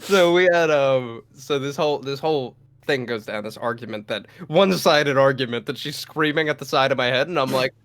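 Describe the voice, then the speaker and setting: A young man, a podcast co-host, telling a rowdy personal story with lots of swearing and loud acted-out shouts. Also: mid-range voice, a little fast, hardly any pauses, no echo. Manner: profane, animated, acts out his own lines in a loud voice. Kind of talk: casual storytelling.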